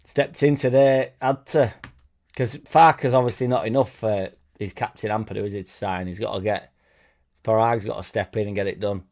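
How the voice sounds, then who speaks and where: A man's voice: on the low side, steady tone, normal speed, a little mellow. A man hosting a fan channel live stream, talking casually and rambling between topics and viewer comments, with self-deprecating asides.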